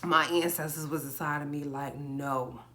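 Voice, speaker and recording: Woman in her forties, low voice, casual personal storytelling, repeats herself, acts out quoted speech. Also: moderate pace. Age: 40s. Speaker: livestream storyteller. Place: home livestream.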